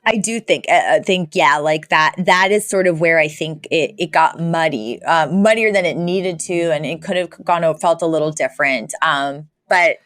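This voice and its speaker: A woman's voice: low voice, normal speed, hardly any pauses, no room sound, clean studio sound. A woman co-hosting a podcast, retelling a TV episode in casual chat and acting out the lines. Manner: animated, acts out characters' lines while retelling. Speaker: podcast co-host.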